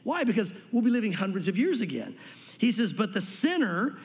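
A man preaching a sermon as pastor, teaching earnestly and reading scripture slowly and deliberately. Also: sits high, big pitch swings. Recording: long reverb in a hall.

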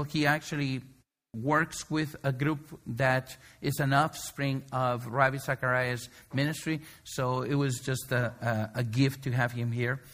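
Middle-aged male pastor, fairly high voice, chatty sermon style full of restarts. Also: a bit bright. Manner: conversational storytelling with many fillers and restarts.

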